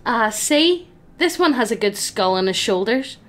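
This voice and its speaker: A woman's voice: a little high, big pitch swings, unhurried. A woman voicing a cocky male skeleton who talks in a cheerful, teasing way.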